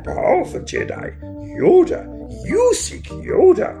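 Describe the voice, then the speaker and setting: A small, wise, ancient alien master croaks his words in reverse order, put on by a man with a Humber English accent. The voice sits far above his own, pinched and stuffy from hay fever. Music plays underneath. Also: very high voice, wildly swooping pitch, slow, voice pushed up, exaggerated voice. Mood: playful. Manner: croaky, inverted word order. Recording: music playing behind.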